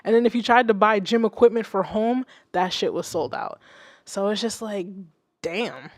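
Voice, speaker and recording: A young adult woman, a music producer, hosting a casual livestream and chatting with viewers, swearing freely and swinging between loud outbursts and soft asides. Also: medium pitch, moderate pace, dry recording, clean studio sound. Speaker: music producer and stream host.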